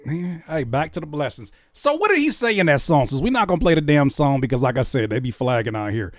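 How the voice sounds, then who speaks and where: Animated man hosting a reaction video. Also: fairly high pitch, quick pace, dry recording, clean studio sound. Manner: animated, mocking, exclaims loudly when worked up. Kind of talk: casual commentary.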